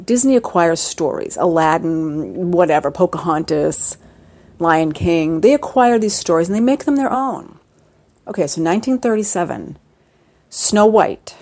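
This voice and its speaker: A middle-aged woman talks to camera in a casual, rambling way, cracking jokes as she goes. Her voice sits a little low, then jumps up sharply whenever she stresses a point. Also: a little mellow. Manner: rambling, jokey, with sudden rises in pitch for emphasis. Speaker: vlogger.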